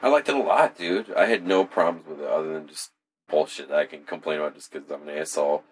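A man's voice: rumbling low, fast talker, slightly rough. A young man co-hosting a podcast in casual, rambling, profane chat. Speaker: podcast co-host.

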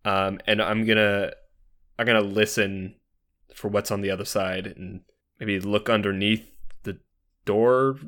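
A man's voice: on the low side, steady tone, measured pace, long pauses, fairly bright tone. Hesitant male tabletop player. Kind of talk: casual tabletop play.

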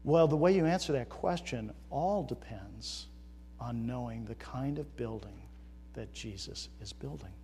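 A man preaching a sermon as pastor, moving between quiet reflection and loud, emphatic rhetorical questions. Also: medium pitch, expressive, unhurried, slight background noise. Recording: reverberant hall.

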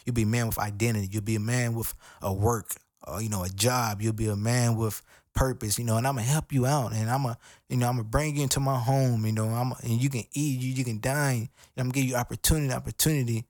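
A man's voice: mid-range voice, fairly even intonation, fast talker, a little mellow, dry recording. Earnest man preaching informally, dry sound. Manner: conversational and earnest, with repeated phrases and slang. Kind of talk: informal sermon.

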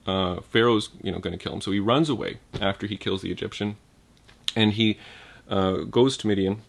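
A man's voice: on the low side, fairly even intonation, normal speed, vocal fry. A man giving an informal Bible teaching, thinking aloud with restarts and asking his listeners "right?".

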